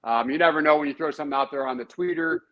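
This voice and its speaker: A man's voice: fairly high pitch, rapid-fire, lo-fi sound. A man co-hosting a casual sports podcast, good-humored and mock-protesting. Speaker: podcast co-host. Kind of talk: casual chat.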